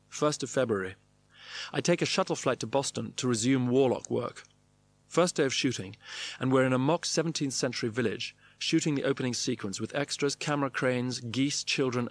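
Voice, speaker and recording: A man reading his diary-style memoir aloud in clipped, wry phrases. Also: medium pitch. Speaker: narrator.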